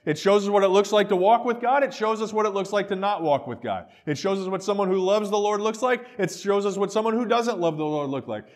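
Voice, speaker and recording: A middle-aged male pastor preaching a sermon, animated, acting out quoted voices and dropping to quiet asides. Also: high-pitched, quick pace, few pauses.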